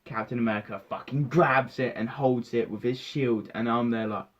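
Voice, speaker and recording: A young man recounting a film in excited casual talk, swearing freely and acting out his own reactions. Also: mid-range voice, moderate pace, dull audio. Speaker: vlogger reviewing a film.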